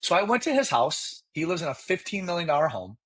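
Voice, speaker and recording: Husky, animated man of Iranian origin. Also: fairly high pitch, quick pace. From Iran. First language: Persian. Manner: animated, rising excitedly as he tells a story. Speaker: podcast guest. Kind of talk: conversational storytelling.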